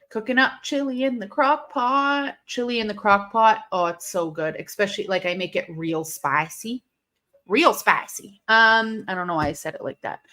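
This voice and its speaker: A woman hosting a live watch-along stream, chatting casually, answering her chat and breaking into sudden excited outbursts at the action. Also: mid-range voice, normal speed.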